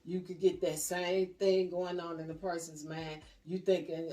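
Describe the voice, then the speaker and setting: A woman's voice: low-pitched, little pitch movement, normal speed, few pauses, warm tone, far from the mic. A woman in a casual panel discussion, earnestly repeating and driving home her point.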